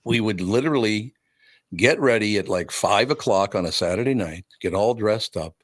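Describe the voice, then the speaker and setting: A man's voice: on the low side, expressive, moderate pace, no echo, clean studio sound. An older man hosting a radio talk show, telling wry stories with frequent chuckles. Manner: storytelling, wry, chuckles often. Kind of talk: casual chat.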